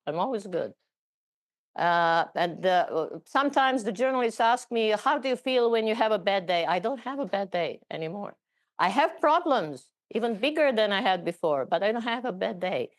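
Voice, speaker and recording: A middle-aged woman telling her personal story in a conversational talk, often halting and repeating words. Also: medium pitch, animated.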